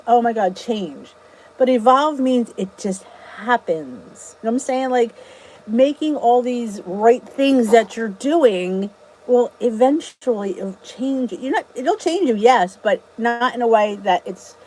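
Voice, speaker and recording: Middle-aged jersey woman, kinda high voice, chatty live stream, repeats stuff for emphasis. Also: a little mellow, rough recording. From New Jersey. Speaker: vlog host answering live chat. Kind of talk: casual live chat.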